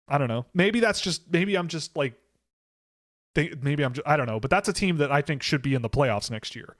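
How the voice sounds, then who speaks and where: A man's voice: on the high side, animated, fairly quick. Rambling man on a live stream. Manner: rambling, self-correcting, many fillers. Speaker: hockey draft analyst hosting a live stream. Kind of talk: casual live-stream commentary.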